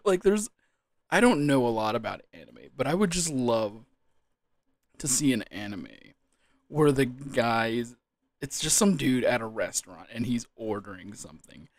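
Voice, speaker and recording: A man's voice: mid-range voice, big pitch swings, normal speed, no room sound. A man commentating a quiz casually, giggling helplessly and fighting back tears of laughter. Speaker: gaming YouTuber.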